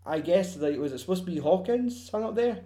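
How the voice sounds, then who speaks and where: Man, young adult, casual sweary chat, laughs a lot, slightly high voice. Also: lively intonation, warm tone, reverberant. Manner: sweary, laughing, quick quoting of film scenes.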